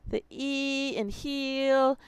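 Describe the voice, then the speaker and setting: A woman's voice: high voice, fairly even intonation, extremely slow, no echo. A woman teacher explaining how she teaches spelling, talking through her students' examples as she goes. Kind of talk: instructional video.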